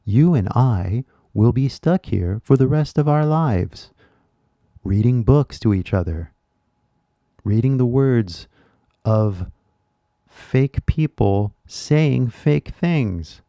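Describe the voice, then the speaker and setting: A man voicing a stiff, droning male textbook teacher with slow, fake-sounding intonation. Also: mid-range voice, animated, gravelly, warm tone, no echo, studio quality. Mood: mock-earnest.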